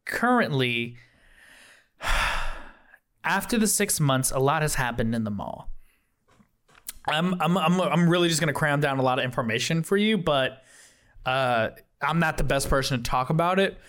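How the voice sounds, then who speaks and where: Excitable man running a tabletop game. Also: fairly high pitch, measured pace, pauses often. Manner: rambling, excitable, slangy. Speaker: game master. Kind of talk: narrating a tabletop game, voicing characters.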